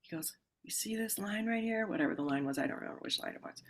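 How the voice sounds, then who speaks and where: A woman guest on a podcast telling a personal story in a casual way. She acts out the voices of people in it, jumps to loud exclamations, and turns calm and measured when she explains a ritual. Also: medium pitch.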